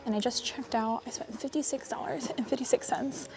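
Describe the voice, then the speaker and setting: A woman's voice: fairly high pitch, steady tone, brisk, vocal fry, music in the background. A young adult woman, chatting casually and upbeat as she shows off her thrift finds. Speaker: thrift reseller vlogger. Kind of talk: casual vlog chat.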